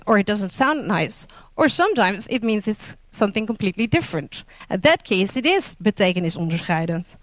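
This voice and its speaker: Woman, Dutch accent, non-native English, informal lecturer; slow, halting delivery full of fillers, dry close sound. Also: fairly high pitch, no room sound. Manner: slow, hesitant, many fillers and self-corrections. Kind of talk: informal talk on linguistics.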